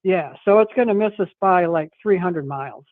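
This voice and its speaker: A man's voice: high voice, moderate pace, no room sound. Upbeat weatherman on a tinny phone line. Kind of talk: radio weather report by phone.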